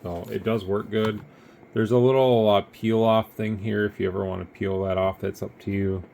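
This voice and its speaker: A man's voice: fairly low pitch, steady tone, moderate pace, vocal fry, warm tone, a little hiss or hum. A man casually demonstrating a radio, rambling in an easygoing way and sounding tired. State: tired, yawning. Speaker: radio seller demonstrating gear. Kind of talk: casual product demo.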